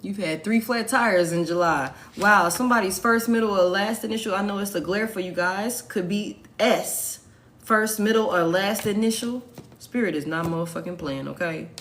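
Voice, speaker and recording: A woman's voice: medium pitch, normal speed, fairly bright tone, slight background noise. Blunt, cussing woman reading tarot. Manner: blunt, profane, emphatic repetition. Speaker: tarot reader. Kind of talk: casual tarot reading to viewers.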